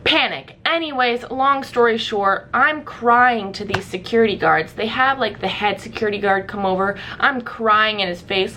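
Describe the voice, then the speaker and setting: A young woman from Ohio tells a story straight to camera. Her voice is bright and sharp, and her pitch sits in the middle of the range. She tells it with animation and acts out the voices of the people she quotes. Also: measured pace, few pauses, a little hiss or hum. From Ohio, USA. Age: young adult. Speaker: vlogger. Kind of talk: storytime vlog.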